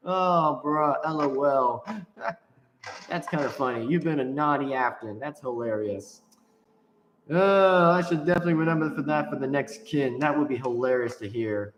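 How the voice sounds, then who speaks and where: A playful, rambling man giving casual gaming commentary, quick to laugh, recorded in an echoey room with faint background noise. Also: on the high side, expressive. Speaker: gameplay commentator.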